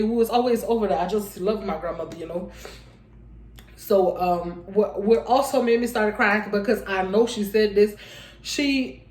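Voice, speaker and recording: A woman's voice: medium pitch, darkish tone, roomy sound. A young woman vlogger, talking in a rambling, heartfelt way and often addressing her viewers as y'all. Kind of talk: casual heartfelt vlog talk.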